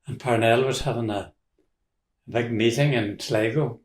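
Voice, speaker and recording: In casual storytelling, an older Donegal man, the interviewee, rambles through family tales with restarts and chuckles. He speaks a little slowly in a medium-pitched voice with an Irish accent. Roomy echo colors the recording.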